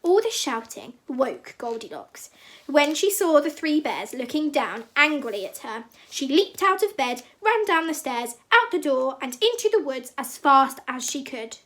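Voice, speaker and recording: A woman teacher reading a fairy tale aloud for children in an expressive, sing-song way. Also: high voice, measured pace.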